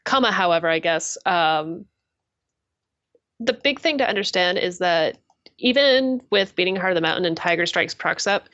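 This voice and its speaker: Female podcast co-host, lowish voice, dry close mic, confident explainer. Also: lively intonation, normal speed, a bit bright, no room sound, dull audio. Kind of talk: casual gaming chat.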